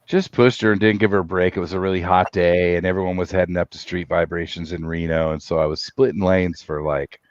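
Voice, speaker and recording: A middle-aged man with a fairly low voice spins a loose, profane story in a relaxed chat. His talk wanders and runs on, and the audio is dry and a little muffled. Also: fairly quick, hardly any pauses, no room sound. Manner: rambling, profane, animated storyteller. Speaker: podcast host.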